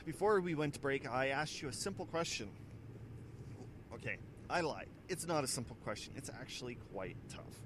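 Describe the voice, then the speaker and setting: A man's voice: medium pitch, big pitch swings, normal speed, noisy background. A man hosting a casual morning radio show, telling rambling, jokey stories and laughing at himself as he runs trivia on a handheld mic. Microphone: handheld microphone.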